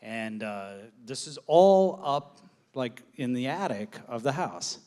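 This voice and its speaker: A man's voice: medium pitch, takes it slowly. A man telling a personal story on stage, acting out quoted dialogue and laughing as he goes. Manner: animated, acts out quoted dialogue, laughs often.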